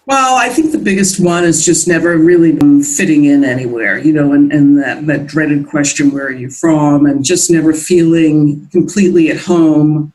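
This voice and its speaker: A woman's voice: deep voice, moderate pace, few pauses, darkish tone, low-quality recording. A middle-aged American woman being interviewed as a guest, talking in a reflective, meandering way with many restarts. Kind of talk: casual interview chat.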